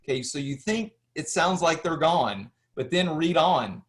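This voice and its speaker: A man's voice: fairly high pitch, animated, measured pace. A man giving a history lecture, walking through slides and asking and answering his own questions, with frequent restarts.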